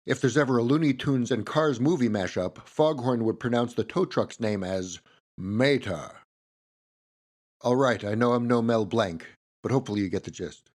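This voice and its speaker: A man's voice: mid-range voice, a little fast, a little mellow. A man hosting a history podcast, reading a script in a playful way with wry asides.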